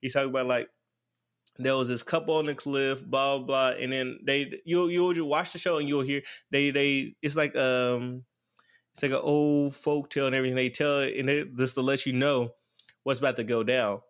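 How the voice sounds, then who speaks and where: A man's voice: medium pitch, fairly even intonation, moderate pace, clean tone. Rambling man recapping a show. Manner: rambling, lots of fillers like "blah, blah, blah". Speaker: anime reviewer.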